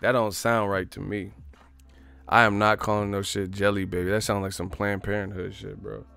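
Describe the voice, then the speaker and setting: A man's voice: on the low side, little pitch movement, moderate pace, vocal fry, pushed and bright, smooth, faint music behind. A man hosting a boxing livestream, cursing, joking and laughing often in casual banter.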